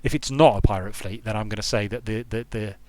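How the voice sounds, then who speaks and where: His voice is fairly low and a little mellow, moving at a quick pace. The young game designer casually talks through a strategy game he's streaming from a hot room at home, thinking aloud in a rambling way and often leaving sentences unfinished.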